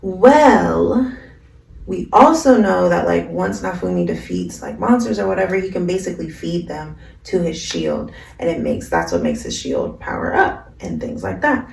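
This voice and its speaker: Woman, anime recapper, chatty and slangy, gravelly voice, roomy distant mic. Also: lowish voice, big pitch swings, moderate pace. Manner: slangy, rambling, full of "like" fillers.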